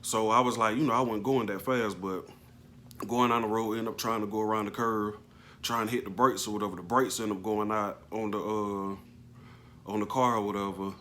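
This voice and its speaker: A man casually recounting a personal story, halting and slangy, with plenty of emotion. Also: on the low side, steady tone, bright, forceful tone, a little hiss or hum. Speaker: vlogger telling a personal story.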